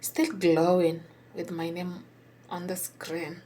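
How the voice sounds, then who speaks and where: A woman whispering a personal story, halting and hesitant with many pauses and restarts. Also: on the low side, little pitch movement, warm tone, slight background noise.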